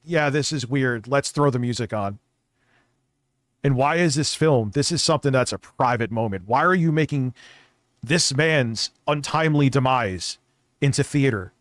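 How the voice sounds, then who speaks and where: A man's voice: medium pitch, normal speed, no room sound, clean studio sound. A man doing casual reaction commentary in a questioning, disapproving tone.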